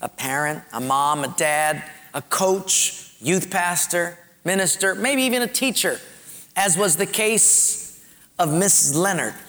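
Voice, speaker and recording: A man's voice: sits high, expressive, takes it slowly, pushed and bright, in a large hall. A man preaching a sermon earnestly, using rhetorical questions. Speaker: pastor.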